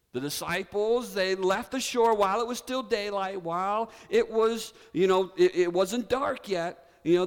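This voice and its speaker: A man preaching a sermon, telling a story with drama and leading the congregation to repeat words together. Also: sits high. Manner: animated storytelling preacher, leads congregation in call-and-response. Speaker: pastor. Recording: reverberant hall.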